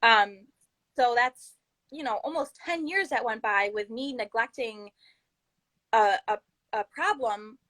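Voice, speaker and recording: Bright-voiced woman telling her story. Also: mid-range voice, rough recording. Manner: earnest, animated storytelling with acted-out quotes. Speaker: guest. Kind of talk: candid personal story in a podcast interview.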